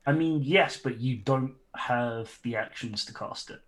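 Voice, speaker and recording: A man running an online tabletop game as game master, explaining rules in a relaxed way with chuckles and fillers. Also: mid-range voice, a little slow, poor audio.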